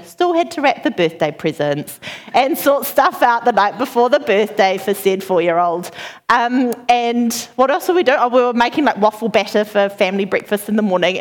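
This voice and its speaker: A woman in her thirties giving a sermon, opening with a chatty, animated personal story and frequent laughter. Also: a little high. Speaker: preacher.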